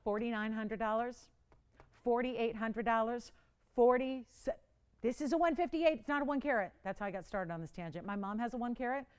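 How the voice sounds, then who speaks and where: A woman hosting a live TV jewelry auction, chatty and pleading, quick to laugh. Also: a little high, smooth. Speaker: live shopping host. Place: TV studio.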